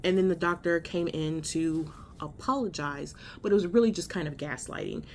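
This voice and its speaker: A woman's voice: deep voice, moderate pace, a little mellow, a little hiss or hum. A woman telling a story in a casual vlog from a hospital room, blunt and profane, exasperated as she recounts it. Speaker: vlogger.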